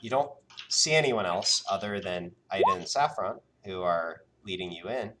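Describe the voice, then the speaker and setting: A man's voice: deep voice, lively intonation, moderate pace, noisy background. A man narrating a tabletop game as game master, hesitant, with many ums and sort-ofs.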